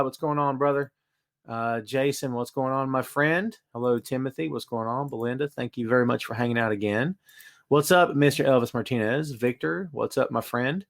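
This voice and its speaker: A man's voice: on the high side, a bit bright. A man hosting a casual live-stream podcast from his home studio, chatting and greeting viewers by name. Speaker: podcast host.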